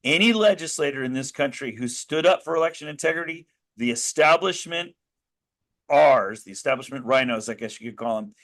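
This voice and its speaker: An American man talking as an interview guest at a mid pitch. He tells his story with earnest energy, stopping and restarting mid-sentence as he works up to a point. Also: lively intonation, brisk, fairly bright tone. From United States. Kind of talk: conversational interview.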